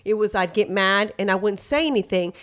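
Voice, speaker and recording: A woman's voice: medium pitch, fairly quick. A woman hosting a podcast, talking candidly and casually with lots of filler phrases, acting out bits of dialogue as she goes. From Texas. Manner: slips into quoted dialogue voices. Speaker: podcast host. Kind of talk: casual chat.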